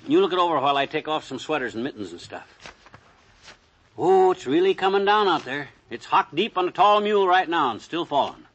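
A folksy, grumbling radio-comedy husband; husky, bright tone, voice jumps all over. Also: male voice, fairly high pitch, expressive, a little fast, highs cut off. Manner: folksy wisecracks, stubborn grumbling. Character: blustery grumbling middle-aged husband. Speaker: comic lead in radio sitcom. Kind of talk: 1940s radio acting.

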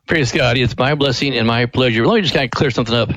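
An older man speaks earnestly in a dry, close studio sound, recounting a story as an interview guest. His voice sits at an ordinary pitch. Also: fast, dry recording, low-quality recording. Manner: earnest, animated when acting out quotes. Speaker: ministry president, guest.

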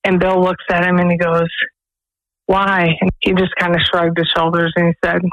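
A woman's voice: on the low side, moderate pace, no room sound, dull audio. Earnest woman telling stories on radio. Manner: earnest, animated storyteller. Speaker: executive director of a pregnancy resource center. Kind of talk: radio interview guest, storytelling.

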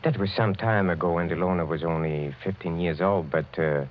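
A middle-aged actor playing a sinister aristocratic count who speaks in a smooth, insinuating way and chuckles often, in an old radio drama. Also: male voice, sits low, fairly quick, slight background noise, lightly acted. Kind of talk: 1940s radio acting. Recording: dull lo-fi old radio broadcast.

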